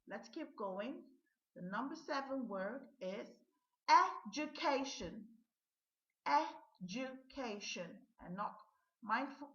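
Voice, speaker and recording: A woman teacher running a pronunciation lesson, drawing words out slowly and checking in with "okay?" often. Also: medium pitch. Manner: slow, drawn-out modeling of words, frequent "okay?" checks. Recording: dull lo-fi sound in an echoey room.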